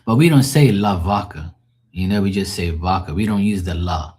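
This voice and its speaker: A man's voice: deep voice, moderate pace, a little mellow. A man doing casual chat with his live viewers as a tarot reader, rambling and loose, swearing and laughing often.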